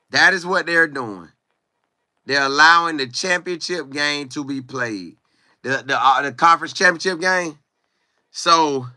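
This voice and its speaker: This bright, animated sports commentary streamer keeps his live-stream chat going by riffing, breaking into song, and reading viewer comments out loud. His voice is fairly high, recorded dry with clean studio sound.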